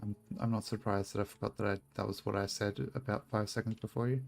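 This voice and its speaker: In a fairly low, creaky voice with a level tone, a man talks fast while streaming a game, soft music playing behind. His casual chat with viewers is full of swearing and rambling asides.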